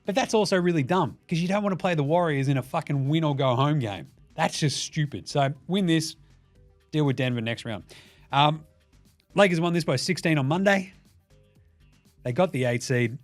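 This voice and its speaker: Sweary Australian podcast host. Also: male voice, fairly high pitch, moderate pace, faint music behind. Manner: swearing, animated, jokey. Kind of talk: solo sports podcast previews.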